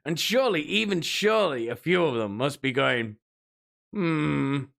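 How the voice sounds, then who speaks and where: A man's voice: on the high side, very animated, brisk, gravelly, fairly bright tone. A man streaming, rambling and mocking in a casual rant, often laughing between remarks. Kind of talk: casual ranting commentary.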